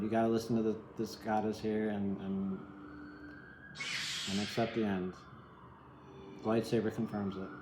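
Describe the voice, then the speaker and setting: A man's voice: lowish voice, echoey room, noisy background. A man giving a casual, rambling tarot reading, candid and sometimes swearing. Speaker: tarot reader.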